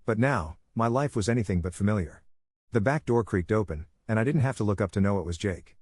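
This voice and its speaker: Husky low-voiced man narrating a story. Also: lively intonation, a little fast, darkish tone, dry recording, clean studio sound. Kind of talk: scripted first-person story narration.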